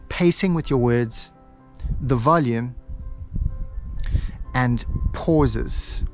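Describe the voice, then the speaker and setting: A man teaching hypnosis, switching between quick lively talk and a slow, soft, paused delivery. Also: mid-range voice. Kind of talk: instructional video monologue.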